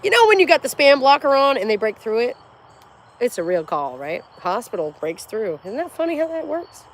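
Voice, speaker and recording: A woman's voice: a little high, a little fast, slight background noise. A woman in her forties, chatting casually on a livestream, blunt and profane, telling stories with animation. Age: 40s. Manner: animated storyteller. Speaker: livestream host.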